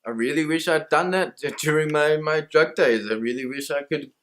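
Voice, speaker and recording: A man's voice: fairly high pitch, moderate pace, a bit bright. A man with an Australian accent, talking candidly to camera in a rambling, casual monologue, swearing freely and laughing at himself. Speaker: mental health vlogger.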